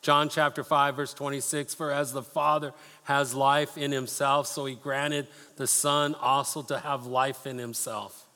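A male pastor of medium pitch delivers a sermon, moving between read-aloud scripture and rhetorical questions to the congregation. He drops into casual, playful asides. His voice carries a long reverb from a church sanctuary. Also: little pitch movement, unhurried, few pauses, sharp tone.

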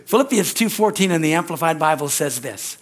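Guy preaching sunday church sermon, slightly higher voice, goes loud then drops quiet. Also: lively intonation, a little fast. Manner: call-and-response preaching with frequent amens and hallelujahs; swings between loud exclamations and quiet asides. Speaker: pastor. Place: church sanctuary.

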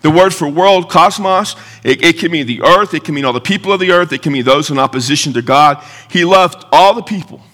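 A man's voice: on the high side, a little fast, few pauses, fairly bright tone. A male pastor preaching a sermon, emphatic and argumentative, with rhetorical questions. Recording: long hall reverb.

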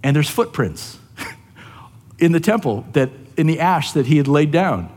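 Higher-voiced male pastor in a reverberant hall. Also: sing-song, measured pace, darkish tone. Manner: conversational, often asks "right?". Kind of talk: sermon.

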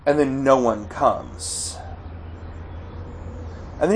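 Man, pastor, sermon, unhurried delivery, earnest, bursts of loud pleading. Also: mid-range voice, expressive, slight background noise, rough recording. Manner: earnest preaching, cries out quoted pleas loudly.

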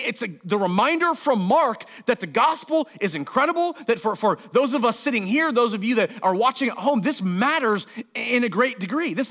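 High-voiced pastor preaching with casual asides. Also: male voice, a bit bright. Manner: reads scripture, then explains it with casual asides and put-on voices. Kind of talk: sermon.

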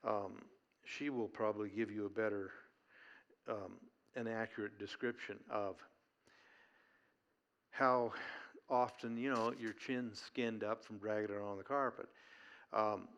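A man's voice: on the low side, a little slow. A male pastor preaching an earnest, folksy sermon during a church service.

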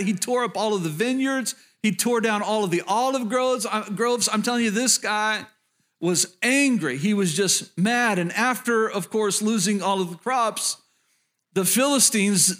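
A pastor with a notably high voice tells a Bible story from the pulpit. He speaks in an animated, conversational way and turns to address the congregation directly. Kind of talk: sermon retelling a Bible story.

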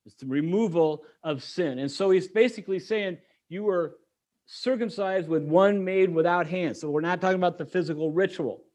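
Male pastor, middle-aged, slightly higher voice, chatty sermon with jokes. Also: a little mellow. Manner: conversational, joking asides to the congregation.

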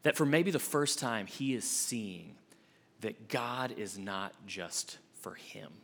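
A young adult man, an associate minister, preaching a sermon with expressive swings from emphatic to hushed. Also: fairly low pitch, slow, creaky.

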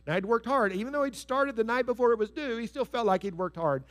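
A man preaching a sermon in an earnest, storytelling way, stressing key phrases and dropping soft on others. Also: extremely high pitch, fast. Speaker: pastor.

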